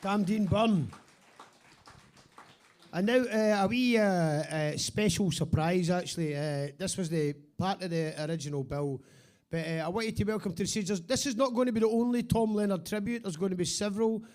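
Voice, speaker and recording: High-voiced man hosting a live event. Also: normal speed, darkish tone. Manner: hesitant, lots of uh fillers. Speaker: host. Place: live venue.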